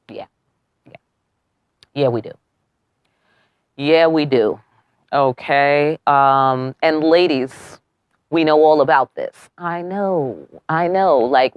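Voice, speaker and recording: A young woman with a deep voice gives a brash, profane, casual tarot reading, firing off rhetorical questions and tacking "okay?" onto her lines. The recording is lo-fi with no echo.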